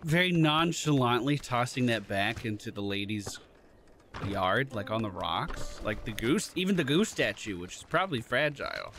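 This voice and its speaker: A man giving casual let's-play commentary, excitable, swearing and shouting at game characters. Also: mid-range voice, normal speed, faint music behind. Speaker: gamer playing a goose game.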